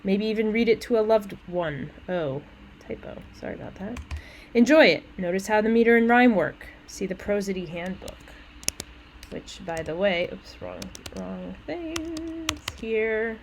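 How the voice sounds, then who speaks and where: A woman college English instructor walks through essay instructions in a conversational way, with casual asides and quick self-corrections. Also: mid-range voice, lively intonation, slight background noise, poor audio.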